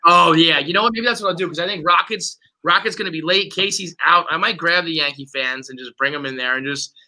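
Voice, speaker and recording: A man hosting a sports podcast with a very bright, high-pitched voice. He rants profanely and with heat about his team, like a fired-up fan. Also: fast, low-quality recording. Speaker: podcast host. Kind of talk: casual sports podcast chat.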